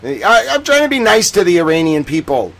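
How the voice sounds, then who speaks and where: A man hosting a livestream news commentary, theatrical and sarcastic, swinging between booming declarations and low mutters. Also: big pitch swings, a little fast, gravelly, fairly bright tone. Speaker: host. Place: home studio in Boston.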